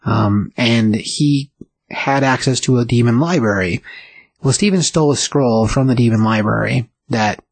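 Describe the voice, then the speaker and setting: A man's voice: medium pitch, moderate pace, slightly rough, dry recording, poor audio. A man casually recapping a comic book, rambling and enthusiastic with lots of fillers.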